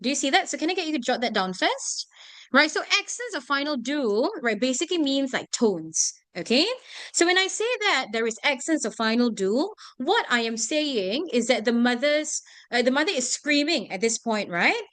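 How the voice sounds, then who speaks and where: A woman's voice: high voice, expressive, normal speed, fairly bright tone, dry recording. A young woman teaching an English vocabulary lesson to a class, often checking whether students follow. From Singapore. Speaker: English tutor.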